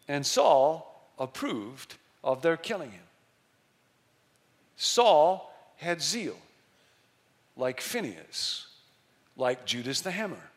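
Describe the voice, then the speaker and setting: A middle-aged male pastor preaching a sermon, telling a story with emphasis and slowing down to stress key words. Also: fairly high pitch, a bit bright.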